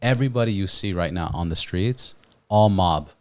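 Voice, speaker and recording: A man in casual podcast chat, telling stories animatedly, swearing a lot and restarting often. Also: low voice. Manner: animated storytelling, heavy swearing, quick restarts. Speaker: guest, rapper.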